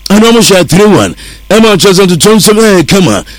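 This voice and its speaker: A man's voice: sits high, sing-song, a little fast, dry recording. A man presenting football analysis on the radio, reeling off player statistics and switching between Twi and English.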